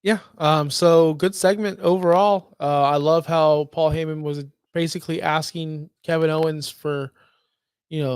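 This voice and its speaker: A man's voice: fairly high pitch, fairly even intonation, measured pace, clean tone, no echo, clean studio sound. A man co-hosting a casual podcast, enthusiastic and easygoing. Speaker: podcast co-host.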